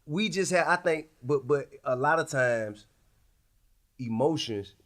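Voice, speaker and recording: A man's voice: a little high, moderate pace, a bit bright. Laid-back, profane male podcast host. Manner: laid-back, profane, philosophizing with rhetorical questions. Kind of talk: casual conversational interview.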